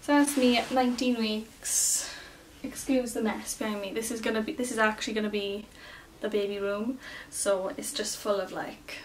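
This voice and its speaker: A woman's voice: fairly high pitch, fairly even intonation, moderate pace. A young woman talking casually to the camera from a small cluttered room at home, chatty and full of fillers, retelling what people said. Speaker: vlogger. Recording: slightly distant with faint room noise.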